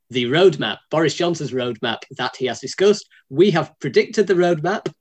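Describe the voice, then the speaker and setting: A man from the north of England co-hosting a casual podcast, rambling and joking and often correcting himself. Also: mid-range voice. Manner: rambling, self-correcting, jokey. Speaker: podcast co-host.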